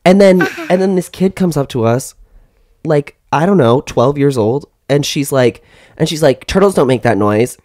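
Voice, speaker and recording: Teasing man with deadpan jokes. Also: on the high side, moderate pace. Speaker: podcast co-host. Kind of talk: casual chat.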